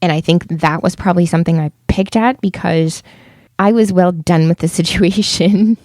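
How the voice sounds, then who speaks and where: A woman co-hosting a podcast in casual chat with her partner, agreeable and relaxed. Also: on the low side, normal speed, dry recording, studio quality. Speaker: podcast co-host.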